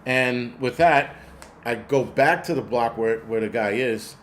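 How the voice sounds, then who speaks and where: A man's voice: medium pitch, unhurried, a bit bright, a little hiss or hum. A man hosting a casual talk stream, telling a rambling street story with blunt, profane language and lots of fillers. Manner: rambling, answers viewer donations mid-story. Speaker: host. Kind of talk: casual chat.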